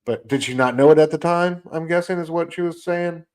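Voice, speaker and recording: Talking a little fast in a fairly high voice, a man co-hosting a podcast casually recounts a comic's plot and performs the characters' dialogue in a lively comic book chat.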